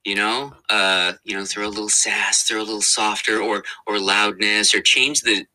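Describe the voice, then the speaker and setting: A man's voice: on the low side, fairly even intonation, normal speed, bright, forceful tone, rough recording. A man, a voice actor, chatting casually in an interview, laughing often and talking with many fillers and restarts. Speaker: voice actor guest.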